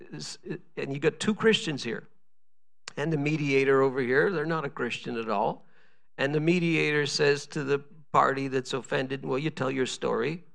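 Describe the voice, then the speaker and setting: A man's voice: medium pitch, vocal fry, a bit bright. A middle-aged male pastor preaching a sermon, telling stories and acting out the voices of the people in them. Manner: storytelling preacher, acts out quoted voices.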